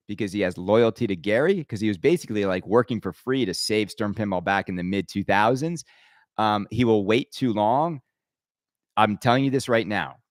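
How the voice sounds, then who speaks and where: This podcast host speaks in a lowish voice with lively intonation and a moderate pace, recorded dry in a clean studio. He rants his opinions with emphasis, rambles, and keeps stammering and restarting.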